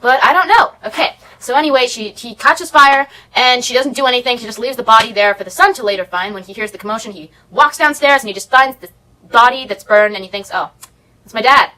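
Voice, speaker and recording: A woman vlogger rattles through a movie recap at a very quick clip, her voice bright and sharp. She sounds sarcastic and exasperated, rambling from one complaint to the next in casual commentary. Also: fairly high pitch, rough recording.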